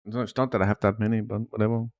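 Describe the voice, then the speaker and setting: A man's voice: lowish voice, level tone, racing, a little mellow, no echo, dull audio. Man, live streamer, offhand chat, swears freely, dead dry room. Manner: loose, swearing, says "dude" often. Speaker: live streamer reacting to news. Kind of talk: casual chat.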